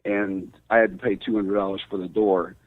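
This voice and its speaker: A man's voice: sits low, little pitch movement, a little fast. A man co-hosting a casual chat, blunt and swearing freely, laughing often. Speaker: co-host. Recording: dry, phone-like audio.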